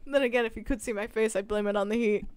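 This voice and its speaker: A woman's voice: a little high, fairly even intonation, fast talker, clear, resonant tone. A young woman with a Southern American accent chatting casually with her live chat as a streamer, laughing often. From Southern United States. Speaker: livestreamer.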